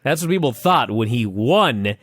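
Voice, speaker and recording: A man's voice: mid-range voice, normal speed, dry recording, clean studio sound. A man co-hosting a casual podcast, joking and swearing freely as he talks. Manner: animated, profane, joking. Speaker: podcast co-host. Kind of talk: casual chat.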